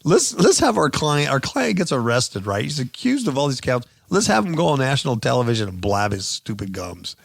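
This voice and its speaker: A man's voice: medium pitch, big pitch swings, a little fast, gravelly, hardly any pauses, husky, no echo, studio quality. A man hosting a radio show, giving sarcastic, mocking commentary on news stories.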